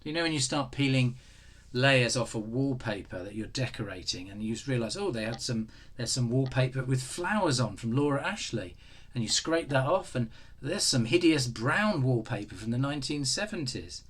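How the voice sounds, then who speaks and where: Man, sermon, husky, lively pitch, unhurried, animated storytelling. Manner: animated, acts out voices of God and Job. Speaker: preacher.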